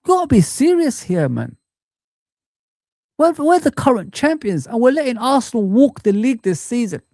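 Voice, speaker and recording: A man streaming a frustrated football rant, shouting out viewers and calling them guys and man. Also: very high voice, very animated, normal speed, dry recording, clean studio sound. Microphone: streaming mic.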